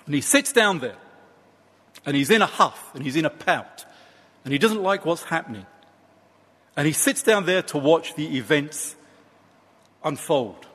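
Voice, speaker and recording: A man preaching a sermon, slow and emphatic with dramatic pauses. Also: fairly high pitch, animated, fairly bright tone, husky, in a large hall.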